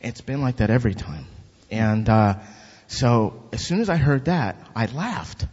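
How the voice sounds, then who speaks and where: A man giving a spoken testimony at church, animated and acting out the voices in his story. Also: medium pitch, measured pace, husky. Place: church hall. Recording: dull lo-fi recording with long hall reverb.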